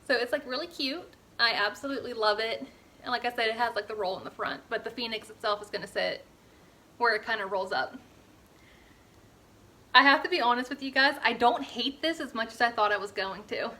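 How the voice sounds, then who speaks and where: A woman's voice: on the high side, fairly quick, bright, forceful tone. A young woman from Pittsburgh, talking earnestly in a casual personal vlog and filling her speech with "like" and "you know". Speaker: fitness vlogger.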